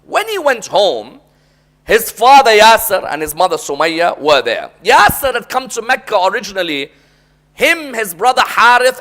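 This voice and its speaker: A man's voice: sits high, very animated, normal speed, bright, forceful tone. A man preaching a sermon as a dramatic story, often prompting the audience to respond.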